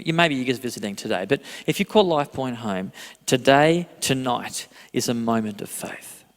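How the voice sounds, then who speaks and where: A man in his thirties preaching a sermon as a pastor, telling a self-deprecating story with animated delivery and frequent laughter. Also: mid-range voice, creaky. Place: church hall. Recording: long hall reverb.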